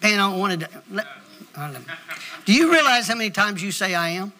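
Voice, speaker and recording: A man's voice: high voice, expressive, a little fast, pushed and bright. A male pastor, preaching an emphatic sermon straight at his congregation. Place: church.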